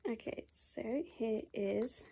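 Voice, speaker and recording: At home, a young woman YouTuber chats casually while unboxing items, rambling and saying "like" constantly. Her high-leaning voice is level and slow with vocal fry. The audio is very noisy, with faint crinkling of packaging in the background.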